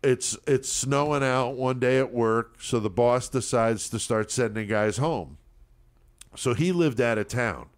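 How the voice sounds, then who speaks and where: A man, co-hosting a podcast and telling a profane story in a lively way, and he mimics the voices of the people in it. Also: medium pitch, a little slow. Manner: animated, profane, mimics voices in his stories. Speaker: podcast co-host. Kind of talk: casual storytelling.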